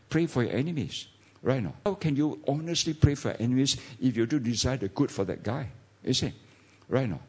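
A man's voice: medium pitch, darkish tone, husky. A man with a Malaysian English accent preaching a sermon as a pastor, talking to the congregation with many rhetorical questions.

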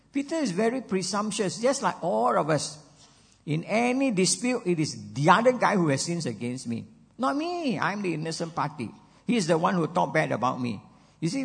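A man's voice: a little high, gravelly, husky. An older man, preaching a sermon in an earnest way, dropping "you know" and repeating words as he goes. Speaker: pastor. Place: church sanctuary. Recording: long reverb of a church hall.

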